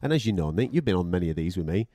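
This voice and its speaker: A man with a low, mellow voice tells a rambling story on a casual podcast. He is blunt and profane and acts out each person's lines. The sound is dry and close. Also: expressive, very fast, no room sound. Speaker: podcast co-host and radio boxing commentator. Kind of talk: casual anecdote-telling chat.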